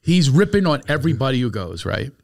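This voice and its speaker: A man hosting a podcast, telling a comic story in a lively way and breaking into laughter. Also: mid-range voice, quick pace, vocal fry. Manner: animated, laughing storyteller doing impressions. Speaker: podcast host.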